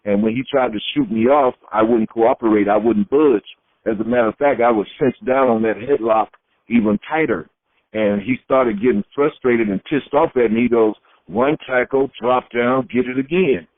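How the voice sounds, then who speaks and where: A man's voice: medium pitch, normal speed, no echo. A middle-aged man from Florida, a retired wrestler, telling his stories in a shoot interview and acting out the voices of people he quotes. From Florida, USA. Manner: lively storyteller who acts out quoted voices. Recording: tinny phone-like line, dry.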